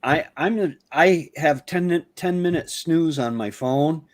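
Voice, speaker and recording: A man chatting casually as a co-host, a relaxed storyteller who laughs at his own stories. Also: a little high, slow, dry recording. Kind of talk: casual chat.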